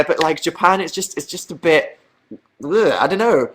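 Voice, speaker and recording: A man's voice: a little high, big pitch swings, fairly quick, a bit bright. A young man, chatting casually on a livestream as he answers viewer questions, hesitant and self-deprecating.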